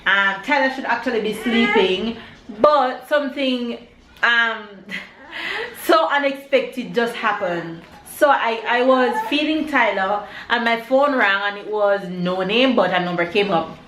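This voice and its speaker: A woman's voice: a little high, measured pace. Chatty woman vlogging in an echoey room. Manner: chatty, rambling, excitable. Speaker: vlogger, mother. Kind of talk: casual vlog storytelling. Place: at home, indoors. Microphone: handheld camera. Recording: echoey room, faint background noise.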